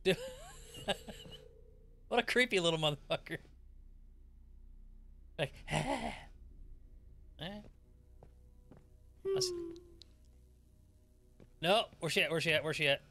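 Young male gamer, bright, lively voice, swears a lot, laughs through the scares. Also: a little high, a little slow, pauses often. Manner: excitable and profane, laughs often. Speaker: gaming streamer. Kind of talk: horror gameplay commentary.

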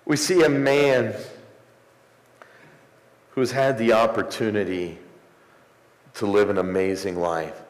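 A man preaching a sermon as pastor, rising into emphatic swells and slowing for pauses. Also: lowish voice, fairly even intonation. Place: church sanctuary. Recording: echoey church hall, some distance.

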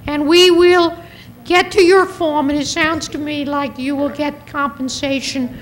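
A woman official reassuring audience members at a forum, direct and calm. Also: sits high, a little slow, a little hiss or hum, low-quality recording. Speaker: fund official answering questions. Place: public forum.

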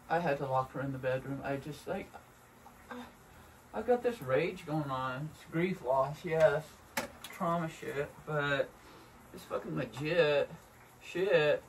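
A woman's voice: low voice, takes it slowly, recorded from a distance. Profane, venting woman heard from afar. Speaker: vlogger. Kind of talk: casual rambling monologue. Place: at home. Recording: voice from away from the mic, faint room noise.

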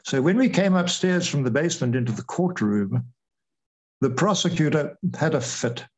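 An older man, a retired air force officer, recounting events as an interview guest, animated and acting out what others said. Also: a little high, normal speed, slightly rough, rough recording. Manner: lively retelling, acts out quoted voices. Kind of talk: storytelling interview.

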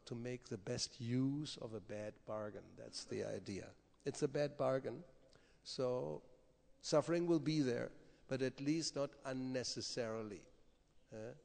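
A man gives a conversational scripture lecture, his gravelly, creaky voice carrying through the long reverb of a temple hall. He keeps checking in with his listeners through quick rhetorical asides. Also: medium pitch, darkish tone. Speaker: spiritual teacher giving a scripture class.

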